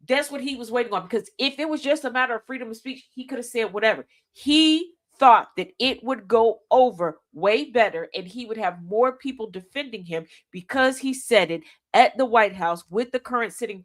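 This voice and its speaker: A woman's voice: a little high, brisk, hardly any pauses. A woman hosting a radio talk show, giving an opinionated commentary monologue. She speaks directly to her listeners, repeats key lines for emphasis and throws in folksy, slangy asides. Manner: emphatic, addresses listeners directly with rhetorical questions.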